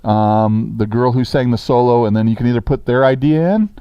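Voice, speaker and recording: A man's voice: medium pitch, brisk, smooth, no room sound, highs cut off. A man teaching a sixth grade grammar lesson in a classroom, talking casually and checking in with the students often.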